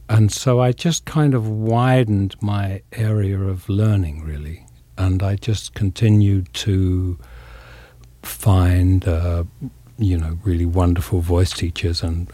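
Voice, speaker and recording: Low, husky, reflective English man. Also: mellow, no echo. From England. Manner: reflective, halting, many fillers. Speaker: actor, interview guest. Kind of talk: casual interview talk.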